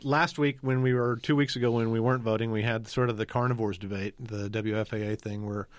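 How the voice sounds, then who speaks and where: A man's voice: on the low side, fairly even intonation, a little fast, dry recording. Editor guy laying out the facts plainly, very dry close mic. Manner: dry, matter-of-fact explainer. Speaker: executive editor on a podcast panel. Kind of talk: casual panel chat.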